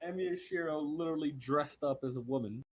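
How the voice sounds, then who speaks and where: A man's voice: a little high, quick pace. A man co-hosting a casual online chat, rambling and profane with stammered restarts. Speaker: co-host.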